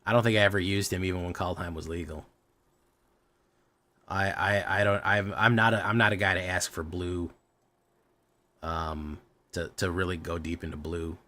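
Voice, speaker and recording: A man with a fairly low voice talking through a card game on a livestream. He restarts his sentences often and drifts into an angry, profanity-laced rant, his voice climbing sharply in pitch and volume when he gets worked up. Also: fairly even intonation, moderate pace, pauses often, bright, forceful tone. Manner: frequent fillers and restarts, gets heated and swears. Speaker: streamer playing a card game.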